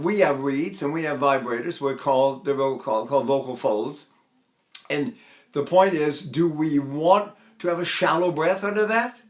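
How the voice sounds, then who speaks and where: Older male tenor teacher, conversational lecturer, a touch high-pitched, rambling with fillers. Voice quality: trained tenor voice. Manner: conversational, many fillers, breaks into full operatic singing. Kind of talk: lecture with sung demonstrations.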